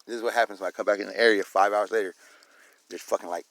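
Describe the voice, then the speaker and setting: Male vlogger, heated profane rant, gravelly and rapid. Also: fairly low pitch, fairly even intonation, a bit bright, no room sound. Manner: swears constantly, heated, repeats "you know what I'm saying". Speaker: vlogger filming a police and security encounter.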